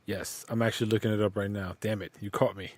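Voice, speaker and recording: Playful lower-voiced podcast co-host man. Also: fairly even intonation, fast talker, no room sound. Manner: playful, joking. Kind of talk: casual chat.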